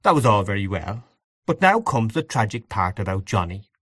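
A man with a low voice reads classic fiction aloud in a measured, expressive way. His inflection is lively, and the recording is close and dry. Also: dry recording. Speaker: narrator. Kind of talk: audiobook narration of classic fiction.

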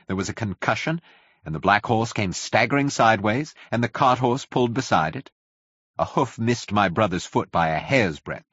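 A low, husky male voice reads a classic novel with lively, dramatic storytelling. His pitch rises and falls a lot, and the dry, somewhat dull recording has no room sound. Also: no echo. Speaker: audiobook narrator. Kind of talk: scripted narration of a classic novel.

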